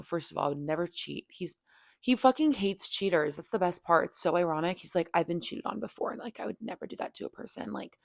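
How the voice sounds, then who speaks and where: Low, gravelly woman venting candidly. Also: no echo, clean studio sound. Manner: heavy "like" fillers, profane, venting. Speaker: podcast host. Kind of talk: candid personal storytelling.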